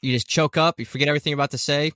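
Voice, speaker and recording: Bright-voiced rambling man. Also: on the high side, fairly even intonation, very fast, dry recording, clean studio sound. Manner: rambling, self-correcting, laughs often. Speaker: podcast co-host. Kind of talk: casual chat.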